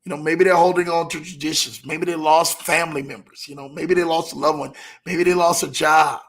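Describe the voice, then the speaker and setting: Gravelly motivational man, slightly high voice. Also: steady tone, a bit bright. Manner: preachy, repeats key lines, slows for emphasis. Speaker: motivational show host. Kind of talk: motivational talk.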